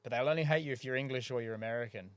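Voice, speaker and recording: A man's voice: mid-range voice, very fast, dry recording. An Australian man in casual podcast chat, chatty and agreeable, often chiming in with short replies. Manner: chatty, agreeable, backchannels a lot. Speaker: podcast co-host or guest.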